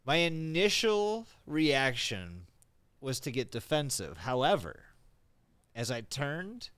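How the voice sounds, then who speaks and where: Animated man co-hosting a podcast. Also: medium pitch, takes it slowly, clean tone, no echo. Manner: joking, dictating a silly story. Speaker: podcast co-host. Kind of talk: casual chat.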